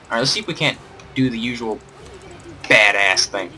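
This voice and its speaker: A man's voice: mid-range voice, normal speed, pushed and bright. A young man doing playful, sarcastic game commentary, rambling and joking at the screen. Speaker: gamer doing a let's play.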